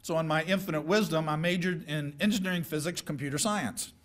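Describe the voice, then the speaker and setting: A middle-aged man giving a folksy, joking speech of advice to high school seniors. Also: a little fast, a bit bright. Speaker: guest speaker.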